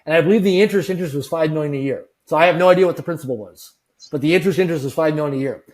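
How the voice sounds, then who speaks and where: A man's voice: fairly high pitch, very fast, darkish tone. Emphatic man telling a motivational story. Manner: earnest, repetitive, emphatic with quoted dialogue. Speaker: interview guest.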